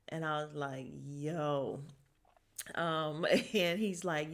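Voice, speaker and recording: A woman's voice: fairly low pitch, fairly even intonation, takes it slowly, fairly bright tone. A woman hosting a casual podcast, recapping a TV episode, acting out the characters' lines and laughing often. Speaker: podcast host.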